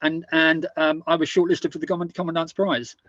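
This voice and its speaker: A middle-aged man from the United Kingdom chats as a podcast guest, his fairly high voice stumbling over repeated words as he spins his anecdotes. The sound is dry and a little dull, like a lo-fi remote recording. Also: level tone, fairly bright tone, no room sound. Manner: halting, repeats and restarts words while telling anecdotes. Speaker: guest, author and former army officer. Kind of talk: casual conversational storytelling.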